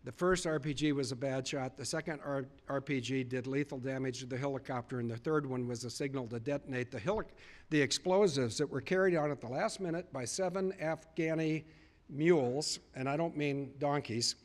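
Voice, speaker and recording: A man addressing a live audience in an earnest storytelling speech. He retells conversations and repeats points for emphasis, in a mid-pitched voice. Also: a little fast. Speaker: public speaker.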